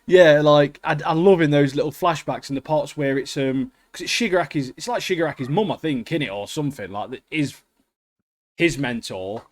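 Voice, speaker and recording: A man, co-hosting a podcast in excitable, slangy casual chat. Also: a little high, moderate pace. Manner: excitable, slangy, keeps saying mate. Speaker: podcast co-host.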